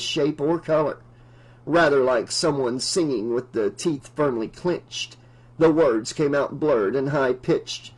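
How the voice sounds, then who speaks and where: Male audiobook narrator, somewhat high voice, steady even delivery. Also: low-quality recording. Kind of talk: unabridged novel reading.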